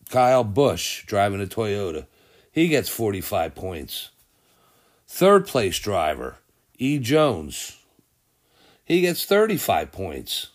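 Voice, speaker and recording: With a fairly low voice, a male podcast host rambles through sports results and news on his casual show. He thinks aloud as he goes and frequently corrects himself.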